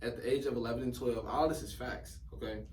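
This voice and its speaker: Blunt, animated man. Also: medium pitch, quick pace, recorded from a distance. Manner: blunt, animated, swears freely, laughs while talking. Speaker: musician guest. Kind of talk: casual interview chat. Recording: roomy echo, away from the mic, faint hiss.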